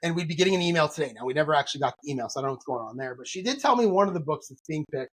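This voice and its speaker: A man co-hosting a casual podcast, telling animated stories and venting about bad customer service. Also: fairly high pitch, very fast, husky. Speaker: podcast co-host.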